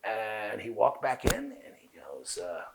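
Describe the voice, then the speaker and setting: A man with a Southern US accent, a guest in an interview, telling long profane stories full of quoted dialogue at a rapid clip. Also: lowish voice, wildly swooping pitch, creaky, noisy background. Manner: fast talker. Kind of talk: casual interview storytelling.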